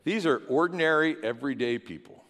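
A male pastor delivers his sermon in a fervent preaching voice that climbs into loud, ringing declarations. His words trail off into the long echo of a large church sanctuary. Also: on the high side, lively intonation, brisk. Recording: long hall reverb in a church.

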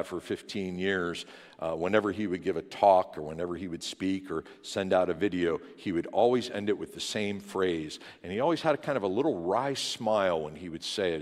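Impassioned male preacher in reverberant church. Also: low-pitched. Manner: impassioned preaching that swells to loud declarations. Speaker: pastor. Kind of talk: sermon. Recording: long hall reverb in a church.

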